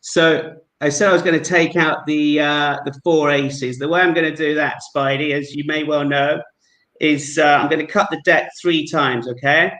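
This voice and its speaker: A man's voice: on the high side, steady tone, normal speed, sharp tone, echoey room, rough recording. A man with a London accent performing a card trick over a video call, polite and friendly, narrating each move. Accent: London English. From England. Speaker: guest amateur magician.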